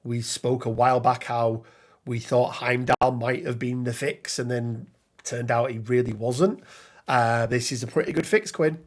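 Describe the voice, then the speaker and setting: This podcast co-host, a man with a medium-pitched voice and fairly even intonation, discusses a tabletop miniatures game in a casual, loose way. He fills his speech with ums and quick restarts and reads rules text aloud.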